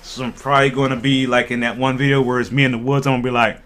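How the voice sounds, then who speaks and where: A man's voice: medium pitch, rapid-fire. A man hosting a casual cannabis livestream, chatting animatedly with viewers and laughing often. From Ohio. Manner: animated, laughing, talks to chat.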